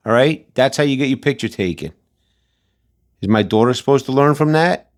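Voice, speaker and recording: A man's voice: medium pitch, expressive, normal speed, long pauses. A man hosting a commentary channel, ranting in a blunt, combative, slangy way and repeating his points. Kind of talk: casual commentary rant.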